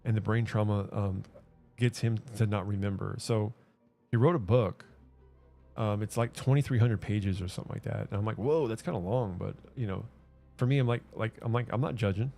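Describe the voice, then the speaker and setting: A man's voice: fairly low pitch, fairly even intonation, fairly quick, gravelly, mellow, soft background music. A man streaming a game, chatting casually in a rambling, hesitant way with many restarts and fillers. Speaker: gaming streamer. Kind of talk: casual rambling chat while gaming.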